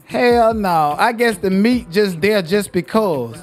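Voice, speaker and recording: A sassy, profane man with a high voice and roasts a cooking clip with mocking jokes. Faint music sits underneath his talk. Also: animated, takes it slowly. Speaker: commentary host reacting to a cooking video. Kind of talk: crude comedic roast commentary.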